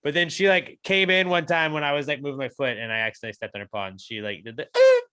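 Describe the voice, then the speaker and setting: A man's voice: medium pitch, very fast, pushed and bright, clean tone. A man co-hosting a podcast in casual chat, rambling and self-deprecating, and swearing freely. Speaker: podcast co-host.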